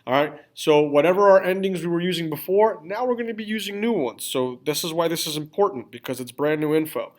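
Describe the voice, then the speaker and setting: Speaking fairly quickly and with hardly any pauses, this Spanish teacher sounds animated and fairly high-pitched. In his classroom lesson with screen typing, he walks through grammar step by step, spelling out endings and often asking students "all right?" to check in.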